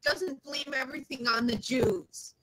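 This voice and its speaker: A woman's voice: sits high, unhurried, sharp tone, a little hiss or hum, low-quality recording. A woman in a casual debate on a voice call, pressing with pointed, challenging questions.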